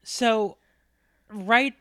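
A woman's voice: fairly high pitch, extremely slow, pushed and bright, dry recording, studio quality. A woman co-hosting a podcast, telling a gossipy story in casual chat and swearing freely. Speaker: podcast co-host.

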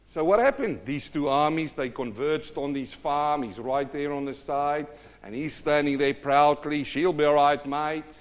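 A middle-aged man preaching a sermon, telling stories with lively acted-out voices. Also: on the high side, a little slow. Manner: animated storytelling, acts out quoted voices.

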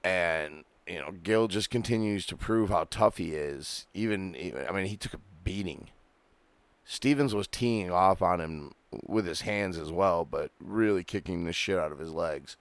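Gravelly deep-voiced blunt man. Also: normal speed, no room sound. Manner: blunt, profane, laid-back. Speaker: podcast co-host. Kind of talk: casual chat. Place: home, fan running.

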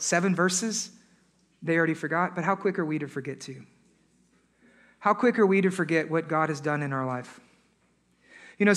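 A man's voice: high voice, fairly bright tone. A man preaching a sermon as pastor to his congregation in a church, impassioned and full of rhetorical questions, with sarcastic asides. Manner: impassioned, many rhetorical questions, building in intensity. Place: church service before a congregation.

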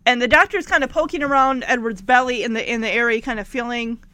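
A woman casually recaps a TV episode, acting out the characters' lines as she goes. Her voice is high and animated. The recording is dry and close to the mic. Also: quick pace, no echo. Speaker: show recapper.

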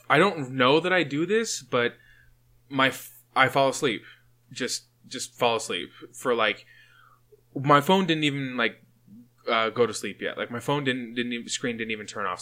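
A man's voice: medium pitch, normal speed, pushed and bright. A young man and father co-hosting a casual podcast, telling stories with swearing and laughter. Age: young adult. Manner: profane, laughing storyteller. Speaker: podcast co-host. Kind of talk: casual chat.

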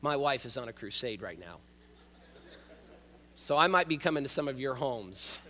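A man's voice: mid-range voice, lively intonation, moderate pace, pushed and bright, slight background noise. A male pastor preaching a sermon, conversational and joking, who drives points home by repeating key words. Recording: long reverb of a large hall.

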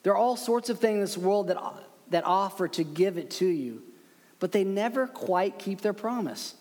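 A man preaching a sermon as pastor, earnest and emphatic with slow dramatic pauses. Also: high-pitched, animated, darkish tone. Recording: long hall reverb.

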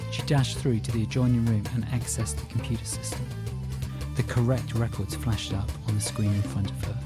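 A man narrating an audiobook in a measured, steady reading. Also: medium pitch.

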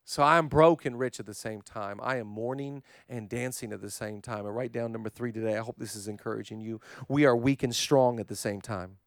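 A man preaching a sermon as pastor, swinging from loud fervent repetition down to soft, low, hushed passages and speaking straight to viewers online. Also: fairly quick, hardly any pauses, no echo, studio quality. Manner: addresses online viewers directly.

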